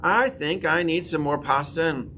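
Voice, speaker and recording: A man's voice: a little high, normal speed, pushed and bright, a little hiss or hum. A middle-aged male pastor teaching a sermon class, with rising emphatic proclamations and call-and-response affirmations. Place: church classroom.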